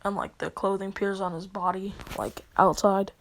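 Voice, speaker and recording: A woman's voice: medium pitch, steady tone, moderate pace. A woman casually retelling a comedic fan story in laid-back slang, laughing along as she goes.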